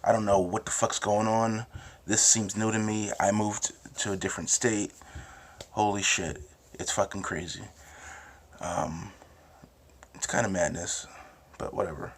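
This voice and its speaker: A young man with a New Jersey accent talks in a loose, meandering monologue, cursing freely and circling back on himself. His voice sits somewhat low. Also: steady tone, a little slow, long pauses. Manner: rambling, restarts, profane. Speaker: host. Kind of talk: casual monologue with frequent swearing.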